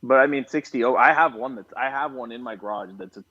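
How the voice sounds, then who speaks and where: A man in the middle of his vocal range tells a story with animated energy, quickly voicing both himself and the other person on the phone. The recording sounds dull and lo-fi, as if its upper frequencies were cut off. He talks like a guest in a relaxed chat. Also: medium pitch, dry recording. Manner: animated, acts out both sides of a phone call. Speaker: guest, classic car dealer.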